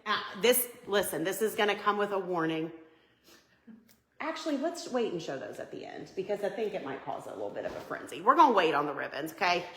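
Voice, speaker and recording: A woman with a medium-pitched, very animated voice talks fairly quickly as she hosts a live Christmas decorating tutorial from her living room beside the tree. Chatty and upbeat, this home decor livestreamer greets viewers by name. The audio is poor, with a roomy sound.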